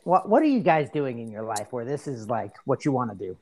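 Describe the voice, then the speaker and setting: A woman co-hosting a podcast, talking in a relaxed, casual way full of "like.". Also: very deep voice, a little fast, slight background noise. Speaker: podcast co-host. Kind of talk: casual chat.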